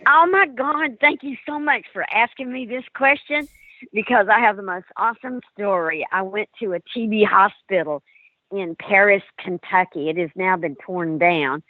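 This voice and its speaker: Lively lady on a phone line telling ghost stories, tinny and dry, acts out the quotes. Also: mid-range voice, normal speed, no room sound. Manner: animated storyteller acting out quotes. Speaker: paranormal investigator guest. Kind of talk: storytelling in a call-in interview.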